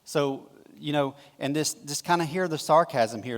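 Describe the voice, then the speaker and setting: A man with a Southern American accent preaching a casual, conversational sermon, retelling scripture with quick acted-out quotes. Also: a little high. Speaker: pastor. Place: church sanctuary. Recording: long hall reverb.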